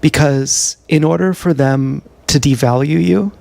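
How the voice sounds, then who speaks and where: Here a man's fairly high, creaky, darkish voice comes through a little slow and without echo. He's a vlogger live-streaming from a GoPro outdoors or on the go, wandering through a self-deprecating, hesitant monologue recorded on the action camera's microphone.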